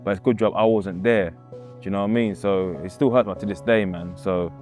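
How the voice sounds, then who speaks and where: A man's voice: fairly low pitch, steady tone, a little fast, a little mellow, faint music behind. Man telling a painful story. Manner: casual, acts out quoted voices, repeats himself. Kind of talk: emotional personal storytelling.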